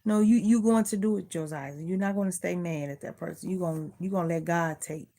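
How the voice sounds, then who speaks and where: A woman's voice: lowish voice, a little fast, warm tone. A middle-aged woman vlogger in casual chat, earnestly preaching life advice and repeating herself.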